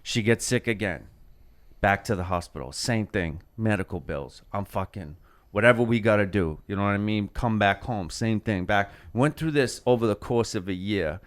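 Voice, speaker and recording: A man's voice: fairly low pitch, normal speed. A man in his thirties, a podcast host, telling a rambling heartfelt story in casual chat and swearing freely.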